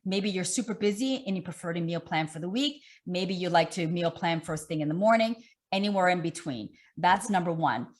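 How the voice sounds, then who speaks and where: A middle-aged woman fitness coach, talking in an animated, emphatic way with lots of repetition during an online interview. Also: fairly low pitch, fairly quick.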